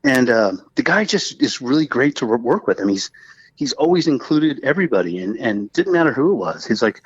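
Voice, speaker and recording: A man's voice: mid-range voice, very animated, a little fast, slightly rough, no echo, lo-fi sound. A man from Southern California with a Southern Californian accent, a guest musician chatting casually in an interview, rambling and laughing often. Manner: rambling, laughs often, acts out quoted voices.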